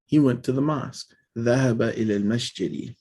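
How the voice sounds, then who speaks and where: A man casually teaching a language lesson, reading example sentences aloud and then explaining them in a relaxed, informal way. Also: medium pitch, quick pace.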